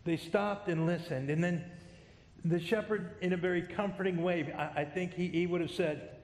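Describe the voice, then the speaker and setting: A man's voice: high voice, steady tone, moderate pace, a little mellow. A middle-aged man preaching a sermon as a pastor, conversational, with self-deprecating humor. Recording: echoey hall.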